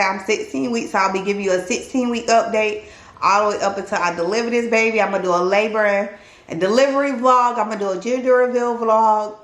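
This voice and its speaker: A woman's voice: medium pitch, fairly bright tone. Give me a chatty, candid woman vlogging to her viewers, with a roomy echo on the recording. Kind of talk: casual talking-to-camera vlog.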